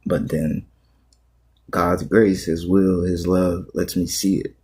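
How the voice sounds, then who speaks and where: A man who is a pastor talking on a livestream, confessing in a halting, repetitive, raw way. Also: sits low, level tone, warm tone, husky. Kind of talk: emotional confessional livestream talk.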